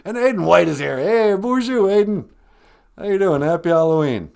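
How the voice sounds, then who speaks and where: A man hosting a comedic live stream, joking with viewers, laughing often and making deadpan asides. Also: sits high, moderate pace, gravelly. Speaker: host.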